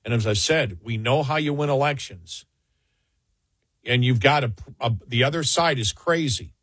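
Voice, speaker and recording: A man with a slightly husky voice delivers heated political commentary. He sounds exasperated and hammers points by repeating words. The sound is dry and close, with no room around it. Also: mid-range voice, normal speed, fairly bright tone, no echo. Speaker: political talk show co-host.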